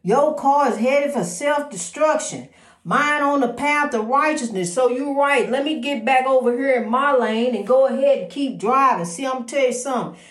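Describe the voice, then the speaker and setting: A woman's voice: sits high, normal speed. A woman hosting an inspirational program, talking spontaneously in a preachy, repetitive way and calling the listener "honey.". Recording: roomy echo.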